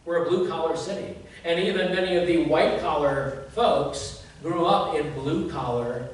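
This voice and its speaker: Folksy pastor preaching in an echoey church. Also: male voice, a little high, moderate pace. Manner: folksy, joking, asks the congregation rhetorical questions. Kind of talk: conversational sermon. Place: church sanctuary. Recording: very echoey church from a distance, faint noise.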